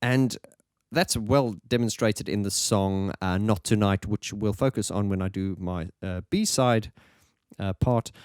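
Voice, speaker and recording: A man's voice: lowish voice, unhurried, darkish tone, clear, resonant tone, dry recording, clean studio sound. Enthusiastic man rambling through a review. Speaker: album reviewer. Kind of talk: casual music review monologue.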